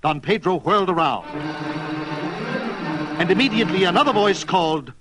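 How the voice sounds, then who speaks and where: A man's voice: high-pitched, animated, normal speed, long pauses, over music, rough recording. A man narrating a children's storybook in a playful, dramatic read-aloud manner.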